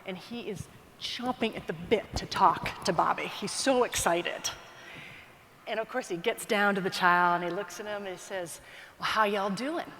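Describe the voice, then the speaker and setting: A woman giving a keynote speech, telling an anecdote with lively asides to the audience. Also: mid-range voice, normal speed, in a large hall, a little hiss or hum. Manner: animated anecdotal storytelling with asides. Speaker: keynote speaker. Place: large conference hall.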